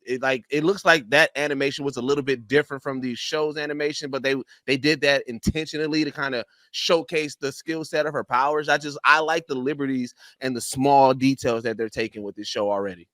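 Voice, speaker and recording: A man chatting on a podcast panel in a bright, forceful voice. He rambles through his points and fills gaps with stock phrases. The recording is dry and close. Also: mid-range voice, steady tone, a little fast, few pauses, dry recording. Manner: rambling, leans on "you know what I'm saying". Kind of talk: casual podcast chat.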